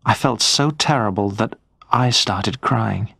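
A man narrating a first-person story for English learners in a slow, clear, measured reading. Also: lowish voice, pushed and bright, dry recording, studio quality.

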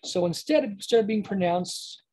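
A woman giving an informal spoken language lesson, explaining slowly, repeating words to model pronunciation and correcting herself as she goes. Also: mid-range voice, lively intonation, dark tone, breathy edge. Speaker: language teacher.

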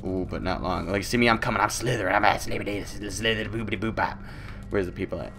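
A young man doing loud, joking let's-play commentary, his voice swinging high and low as he plays. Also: big pitch swings, quick pace, creaky, slight background noise. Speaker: gaming YouTuber.

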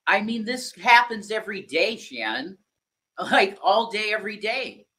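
A man co-hosting a live stream, defending himself in a heated back-and-forth. He swears easily and drops "dude" and "man" into his lines. He sounds exasperated rather than loud. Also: sits high, lively intonation, a little slow. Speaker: streamer, co-host.

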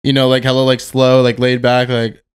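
A man from California with a Californian accent, co-hosting a podcast and reading fan questions in relaxed chat. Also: mid-range voice, moderate pace, smooth. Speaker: podcast co-host. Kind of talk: casual chat.

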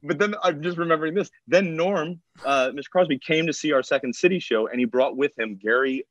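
A man's voice: on the high side, a little fast, a bit bright, dry recording. Rambling man telling stories, dull dry sound. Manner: rambling, stop-start storyteller with many restarts. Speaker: guest. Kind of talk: casual anecdote telling.

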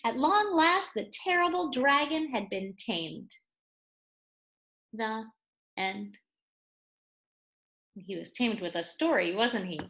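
A woman reading a children's picture book aloud, pausing to explain words and add playful asides. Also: medium pitch, lively intonation, fairly bright tone. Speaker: read-aloud storyteller for children.

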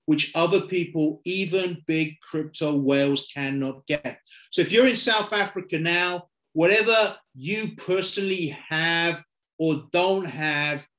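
Heard over a video call, a middle-aged Londoner speaks a little slowly in a slightly high, somewhat bright voice. He gives an upbeat online sales presentation in London English, checking in with "okay?" and "right?"

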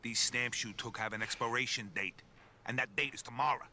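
A man voicing a gruff, hard-nosed mobster fence in a video game, talking bluntly and crudely and giving orders. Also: mid-range voice, steady tone, a little fast, pushed and bright, slight background noise. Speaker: game character.

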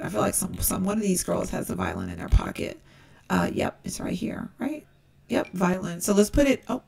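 A woman hosting a casual let's-play, chatting through her gameplay and often calling her viewers y'all. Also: gravelly. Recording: distant low-quality game capture.

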